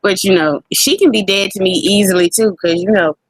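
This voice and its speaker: A woman co-hosting a casual wrestling podcast, animated and profane, laughing often. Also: mid-range voice, brisk, dry recording. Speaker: podcast co-host.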